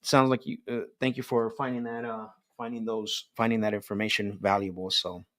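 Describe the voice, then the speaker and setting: A man's voice: on the low side, a little fast. A man coaching a group call on sales technique, talking with energy and checking in with "right?" as he goes. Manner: energetic, repeats "right?" often, restarts sentences. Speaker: sales trainer.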